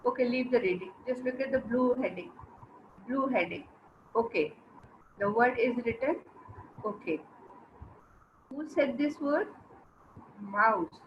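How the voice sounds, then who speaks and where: A woman teacher talks slowly and patiently in a fairly high voice. She repeats words and quizzes young children through an online lesson. The recording sounds dull and lo-fi, with faint hiss behind it. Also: lively intonation. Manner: explains slowly, repeats words, asks the class questions. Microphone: video lesson mic.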